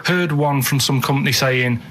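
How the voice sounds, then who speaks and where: Man in his thirties, deadpan, blunt, casual radio chat. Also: mid-range voice, normal speed. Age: 30s. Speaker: radio show regular.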